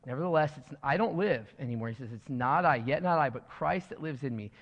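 A man's voice: medium pitch, lively intonation, fairly quick. A man preaching a sermon as pastor, earnest and rising to emphatic points, with casual fillers. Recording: dull sound in a long reverberant hall.

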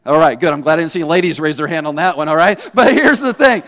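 A man's voice: a little high, animated, fast, a bit bright. A male pastor giving a conversational sermon in church, asking the congregation questions and joking at his own expense. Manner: conversational, asks the congregation questions, self-deprecating humor. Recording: long reverb in a church hall.

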